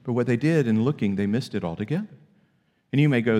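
A man preaching a sermon as pastor, emphatic, with high-pitched bursts when acting out questions. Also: fast, dark tone, long reverb tail.

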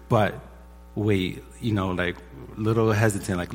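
Husky-voiced pastor guy in his 40s sharing his story, big echoey church hall. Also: lowish voice, unhurried. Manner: storytelling, animated when quoting others. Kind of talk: sermon testimony. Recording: echoey hall with long reverb.

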